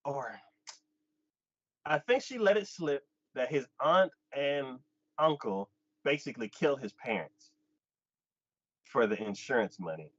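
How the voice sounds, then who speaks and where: On his casual anime podcast, a man recounts an episode at a measured pace with frequent pauses, acting out character dialogue through sudden pitch jumps. The sound is dull, lo-fi and dry, with no room noise.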